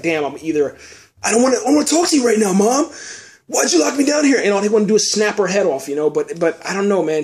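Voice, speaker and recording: A young man hosting a podcast, rambling in emotional, exasperated casual commentary, stammering and repeating himself often. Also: high voice. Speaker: podcast host.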